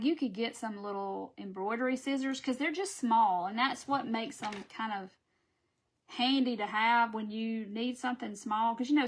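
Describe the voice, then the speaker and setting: A woman hosting a live craft stream, chatting with viewers as she works and laughing at her own stumbles. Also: fairly high pitch. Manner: chatty, laughing at herself, talking to viewers while working. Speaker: craft host.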